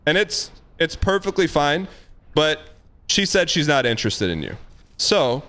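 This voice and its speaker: A man's voice: a little high, big pitch swings, unhurried, a bit bright. A man streaming live and giving blunt, emphatic dating advice in casual chat, repeating himself for emphasis. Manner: emphatic, repetitive, blunt, acts out quoted lines.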